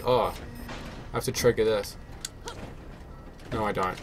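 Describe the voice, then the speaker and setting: A man's voice: fairly low pitch, steady tone, a little slow, slight background noise. A man talking casually to viewers as he plays a shooter game, chatty and self-mocking, with the odd swear. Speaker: game player. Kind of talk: solo gameplay commentary.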